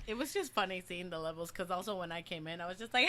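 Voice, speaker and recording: A woman co-hosting a casual podcast chat, loud and excitable, with quick reactions. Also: mid-range voice, noisy background. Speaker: podcast co-host.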